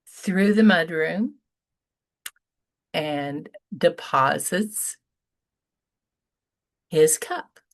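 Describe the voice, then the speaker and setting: An older woman with a gravelly edge tells a personal story at an unhurried, measured pace. She lingers on pauses for effect and jumps high and loud when she quotes what someone said. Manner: slow and deliberate with dramatic pauses; rises high and loud when quoting dialogue. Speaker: speaker telling a personal story. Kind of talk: storytelling talk.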